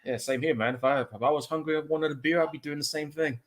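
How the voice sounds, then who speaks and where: A man co-hosting a casual movie commentary podcast, laid-back and profane, quick to laugh along. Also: on the high side, fairly even intonation. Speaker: podcast co-host.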